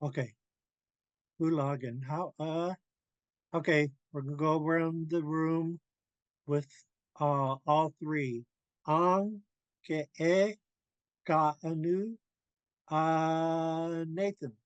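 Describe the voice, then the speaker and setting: A man teaching a language class, drilling pronunciation slowly and carefully and laughing often. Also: on the high side, fairly even intonation, clear, resonant tone, no echo, dull audio.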